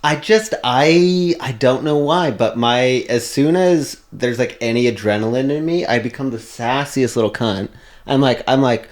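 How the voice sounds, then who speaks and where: A man hosting a casual podcast, telling sassy, animated stories. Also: mid-range voice, normal speed. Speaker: podcast host.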